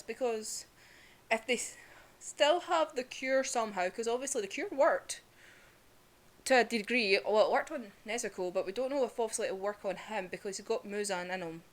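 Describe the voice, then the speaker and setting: A young woman giving a casual, emotional review of a manga, chatty, full of "like" and the odd swear word. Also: mid-range voice.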